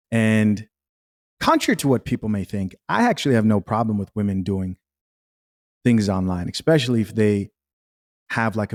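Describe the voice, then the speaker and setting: Blunt low-voiced man reacting to a clip. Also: darkish tone. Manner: blunt, judgmental, repeats words for emphasis. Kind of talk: casual reaction commentary.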